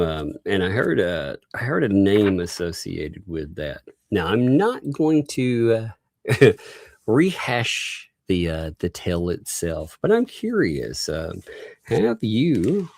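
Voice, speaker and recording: A man hosting a live stream, musing slowly and asking pointed questions with little laughs. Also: fairly low pitch, very animated, vocal fry, darkish tone, no echo, clean studio sound. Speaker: host.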